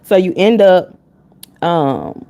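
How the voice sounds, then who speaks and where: A woman reading tarot on a live stream talks casually and bluntly, chatting candidly with chat between readings. Her voice is on the low side and slow with a dark tone and big pitch swings.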